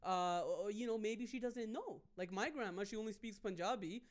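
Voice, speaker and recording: A man from Canada, a stand-up comedian hosting a podcast, telling a story in a rambling, animated way. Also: high-pitched, moderate pace. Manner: rambling, animated, with many fillers.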